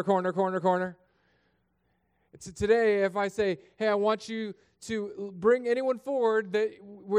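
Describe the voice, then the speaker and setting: A pastor preaches in a chapel, praying and reading scripture with earnest, plain words aimed directly at the congregation. His voice is high-pitched with a darkish tone.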